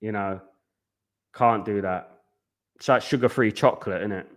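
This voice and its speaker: A man's voice: fairly low pitch, moderate pace. A man hosting a live football watchalong, chatting casually and repeating himself. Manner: chatty, rambling, repeats himself, keeps saying "guys". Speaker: watchalong host.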